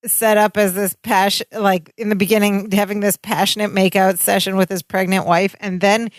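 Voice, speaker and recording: A woman's voice: medium pitch, flat delivery, moderate pace, no echo, clean studio sound. A woman co-hosting a podcast, chatting casually and retelling scenes with quoted dialogue. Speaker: podcast co-host. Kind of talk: casual recap chat.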